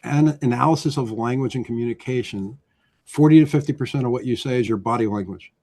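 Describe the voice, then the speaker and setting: A man from New Jersey, a guest loan officer, telling stories with lively acted-out quotes. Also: fast talker. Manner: animated, acts out quotes with swinging pitch. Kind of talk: energetic storytelling chat.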